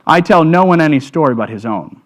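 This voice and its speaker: A man reading aloud, voicing a huge, solemn male lion who speaks slowly and with quiet command. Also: a little high, expressive, natural voice. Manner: slow, grave and quiet.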